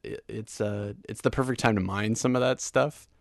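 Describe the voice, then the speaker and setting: A man in casual conversation about movies and television, relaxed and laid-back, laughing often. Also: lowish voice, normal speed, gravelly, dry recording, clean studio sound. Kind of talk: casual chat.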